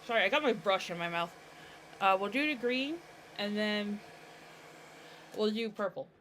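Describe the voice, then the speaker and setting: A woman's voice: mid-range voice, expressive, measured pace, a bit bright, slight background noise. A woman streaming a casual painting tutorial, chatting with her audience and thinking aloud as she works.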